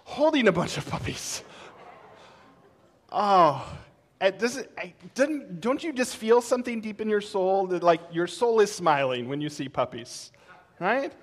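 A man in his thirties or forties preaching a casual, conversational sermon in a church, animated and laughing now and then. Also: high voice, normal speed. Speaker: pastor. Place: church sanctuary.

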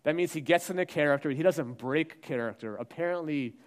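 A man preaching a sermon, acting out the voices he quotes and swinging between hushed and loud. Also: fairly high pitch, fairly quick. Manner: dramatic, acts out quoted voices, shifts from soft to loud. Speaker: pastor.

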